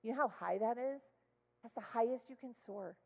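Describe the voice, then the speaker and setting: A woman preaching a passionate sermon in church, often rising to loud exclamations. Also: on the high side, moderate pace, creaky, husky, in a large hall, rough recording. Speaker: guest speaker. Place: church sanctuary.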